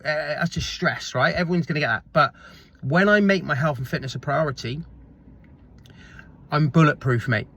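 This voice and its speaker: A man's voice: on the high side, fairly bright tone. A man, a fitness coach giving a casual, blunt motivational talk to camera. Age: 30s. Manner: chatty and blunt, swears casually, acts out quoted people.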